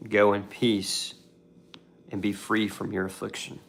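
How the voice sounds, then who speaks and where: A man quoting a gentle healer's words, speaking slowly and softly in his own voice. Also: on the low side, monotone, gravelly, a little hiss or hum.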